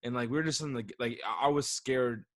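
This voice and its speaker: A man's voice: mid-range voice, brisk, a bit bright, no room sound. Rambling young man, dry sound. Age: 20s. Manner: rambling, swears often, says "dude" and "bro". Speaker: podcast co-host. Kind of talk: casual chat, storytelling.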